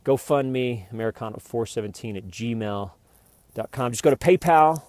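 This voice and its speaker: A man's voice: medium pitch, normal speed, a little mellow, dry recording. A man hosting his own vlog, talking in a rambling, jokey, meandering way. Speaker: vlogger.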